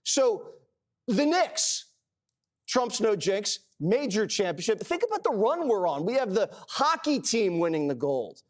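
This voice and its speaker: A man's voice: high-pitched, sing-song, unhurried. A man co-hosting a panel show, brash and boastful while telling anecdotes. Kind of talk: casual panel commentary.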